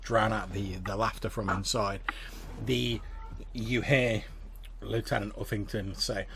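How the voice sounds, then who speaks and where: A man's voice: fairly low pitch, steady tone, measured pace, creaky, fairly bright tone, a little hiss or hum. A man narrating a tabletop game as game master, in a casual, rambling way. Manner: casual, rambling, filler-heavy.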